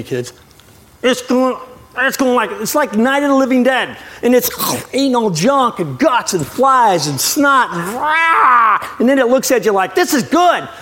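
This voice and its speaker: High-voiced man preaching a lively sermon. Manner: lively and joking, with frequent apologetic asides. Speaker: guest preacher.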